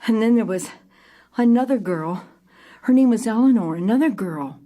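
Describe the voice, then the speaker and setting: An older woman telling a personal story to an audience, lively and animated, acting out scenes with sudden jumps in pitch and loudness. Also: moderate pace. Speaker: theater company founder telling her story.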